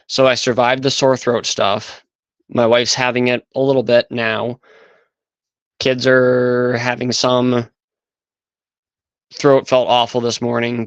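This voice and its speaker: A man hosting a casual livestream, chatting loosely and thinking aloud as he goes. His mid-pitched voice sounds smooth and resonant, recorded dry and close with no room sound. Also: no room sound, poor audio. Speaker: livestream host.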